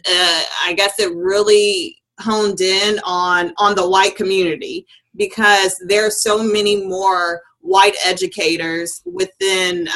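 A woman from Kentucky, speaking in an earnest, measured way. Her tone is bright and forward, at an ordinary pitch for a woman. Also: rough recording. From Kentucky, USA. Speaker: guest. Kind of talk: casual chat.

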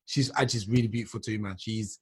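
A man's voice: on the low side, steady tone, brisk, husky. Rambling man hosting. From England. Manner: rambling, says man a lot. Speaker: podcast host. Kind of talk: casual chat.

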